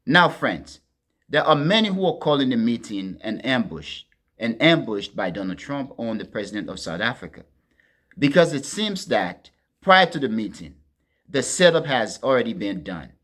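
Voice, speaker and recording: A man hosting a political commentary monologue, talking to his listeners as friends in a deliberate, emphatic way and leaning hard on key words. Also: medium pitch, big pitch swings. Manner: deliberate, addresses listeners as friends, stresses words with sharp swings in loudness.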